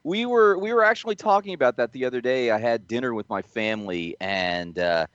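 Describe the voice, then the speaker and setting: A man's voice: medium pitch, lively intonation, brisk, fairly bright tone, clean tone, dry recording, highs cut off. A man co-hosting a podcast, telling a long anecdote in casual chat with restarts and laughs along the way. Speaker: podcast co-host.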